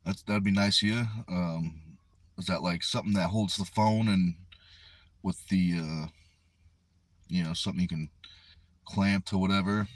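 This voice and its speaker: Deep-voiced man chatting on a car livestream. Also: steady tone, measured pace, long pauses, dry recording. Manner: easygoing, chatty, reads comments aloud and answers them. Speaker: livestream host. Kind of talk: casual live chat reading viewer comments. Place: inside a parked car. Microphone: phone resting on the steering wheel.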